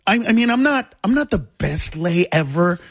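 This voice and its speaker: Husky high-voiced male comic storyteller. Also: moderate pace, no echo, studio quality. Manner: excitable, bursts into shouts and laughs. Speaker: comedian, guest. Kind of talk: animated storytelling on radio. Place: radio studio.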